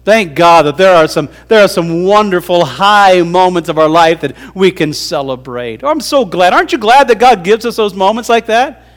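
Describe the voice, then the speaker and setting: A man's voice: high-pitched, moderate pace, hardly any pauses. A male pastor delivering a folksy, humorous sermon in a conversational way.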